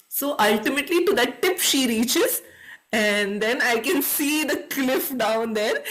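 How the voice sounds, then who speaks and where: Animated woman telling a story. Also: fairly high pitch. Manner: animated, acts out her own thoughts. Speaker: storyteller sharing a personal story. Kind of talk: casual storytelling on a video call. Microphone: video call.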